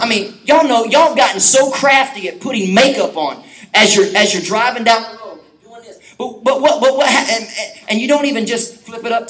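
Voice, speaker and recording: High-voiced, lively preaching pastor. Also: male voice, poor audio. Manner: lively, animated preaching with quick asides and humor. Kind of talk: sermon.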